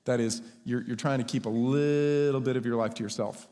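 A man preaching a sermon as pastor, conversational and lively when he tells stories. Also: medium pitch, brisk. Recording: long hall reverb.

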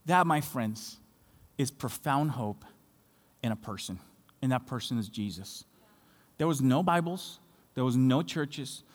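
A man from Latin America preaching a sermon as pastor, building passionately and rising to shouts on key phrases. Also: mid-range voice, lively intonation, a little slow, long pauses. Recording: long hall reverb.

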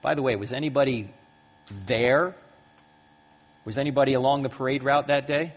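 A man in his fifties giving a lively talk to a live audience in a large hall, acting out the voices in his stories. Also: medium pitch, moderate pace. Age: 50s. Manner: lively storyteller who acts out quoted voices. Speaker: Christian apologetics speaker. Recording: long hall reverb.

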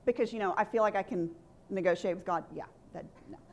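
A woman's voice: medium pitch, fast. A woman pastor preaching a sermon in an earnest, conversational way, leading the congregation in call-and-response.

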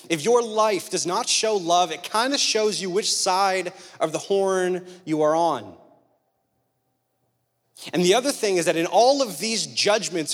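Higher-voiced male preacher in an echoey hall. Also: a bit bright. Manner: conversational, rhetorical questions, humorous storytelling. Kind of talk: sermon. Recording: long hall reverb.

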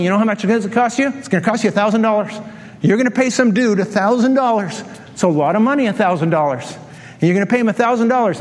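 A middle-aged male pastor delivers a sermon full of anecdotes, acting out quotes as he goes. His voice sits high for a man. The sound carries a long reverb from the church hall. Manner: animated storytelling with acted-out quotes.

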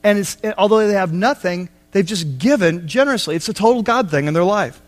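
Man, pastor, sermon, high pitch, conversational, acts out quotes. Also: expressive, brisk. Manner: conversational, explains with asides and acted quotes.

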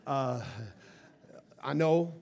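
A male pastor with a high-pitched voice, preaching to his church in an animated storytelling manner. He tumbles over repeated words and restarts as he tells his tale. His voice lifts brightly above the usual male range. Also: drawn-out words, vocal fry. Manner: animated, stammering repetitions. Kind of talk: sermon storytelling.

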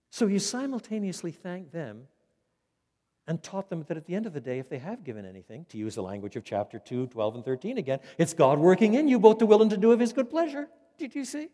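A man preaching an expository sermon, animated and emphatic, often repeating words as he builds momentum. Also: high-pitched, fast talker. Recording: echoey hall.

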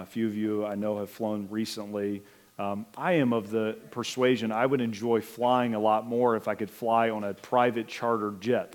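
A middle-aged man preaching a sermon as pastor, in an earnest, measured way with some hesitant fillers. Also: medium pitch.

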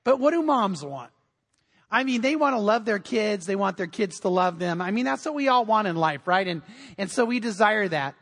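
A man's voice: sits high, expressive, normal speed, fairly bright tone. A man preaching a sermon as pastor in a church, telling humorous stories. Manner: humorous storytelling.

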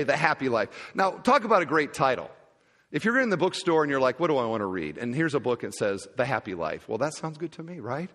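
A pastor preaching a sermon in a church, animated and given to acting out little conversations. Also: male voice, medium pitch. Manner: animated, acts out little dialogues. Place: church sanctuary. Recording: long hall reverb.

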